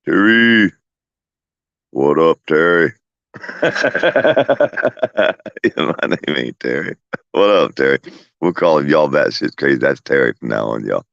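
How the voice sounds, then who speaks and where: A rumbling low, creaky voice with big pitch swings and frequent pauses belongs to a man chatting from his home porch at a measured pace. He laughs through profane, folksy stories for his viewers and pets in a rambling way. The sound is a bit bright yet muffled and dry.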